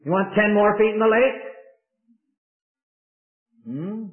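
An older man preaching a sermon, calling his listeners "beloved", with emphatic delivery that swings from loud peaks to hushed drops. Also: sits high, takes it slowly. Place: church. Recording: echoey hall, tinny phone-like sound.

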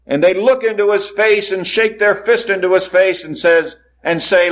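Man preaching a sermon, big rises then quiet drops, kinda lo-fi sound. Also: high voice, steady tone, moderate pace, hardly any pauses. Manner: dramatic rises and hushed drops, acts out quoted voices.

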